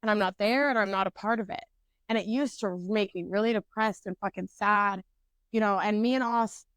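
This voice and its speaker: A young adult woman co-hosting a podcast, telling a story in a casual, profane, animated way. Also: mid-range voice, no echo. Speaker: podcast co-host.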